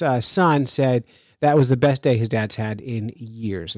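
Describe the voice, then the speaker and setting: A man hosting a fishing podcast, telling a story in an animated, chatty way and reading news out with his own remarks. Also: mid-range voice, no room sound, low-quality recording. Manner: animated, chatty, laughs while telling stories. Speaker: podcast host. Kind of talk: casual storytelling and news commentary.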